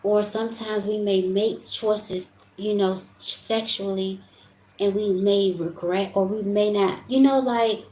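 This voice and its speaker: A woman's voice: medium pitch, steady tone, measured pace, warm tone, slight background noise. A young adult woman giving an emotional, casual tarot reading, talking to her viewers as y'all. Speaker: tarot reader. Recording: echoey room with faint ambience.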